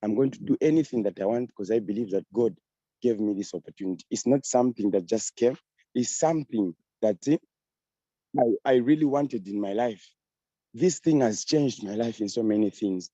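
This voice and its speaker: A man's voice: on the low side, normal speed, dark tone, no room sound, muffled recording. A young man giving an earnest, repetitive testimony on a video call. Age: young adult. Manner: earnest, repeats phrases, restarts, emphatic. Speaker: guest speaker giving a testimony. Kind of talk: online business meeting testimony.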